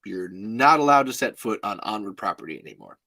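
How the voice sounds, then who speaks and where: A man's voice: lowish voice, animated, fairly quick, bright, forceful tone, no echo, full character voice. A man quoting a plain-spoken sheriff. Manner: plain, apologetic, hesitant. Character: matter-of-fact male sheriff serving papers.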